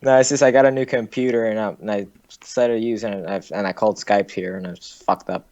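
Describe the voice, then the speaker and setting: A man's voice: fairly low pitch, steady tone, fast, darkish tone. A young man calling in to a live show. He talks casually and hesitantly, with lots of fillers and casual swearing. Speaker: caller. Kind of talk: casual phone-in chat. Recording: dull, lo-fi call audio.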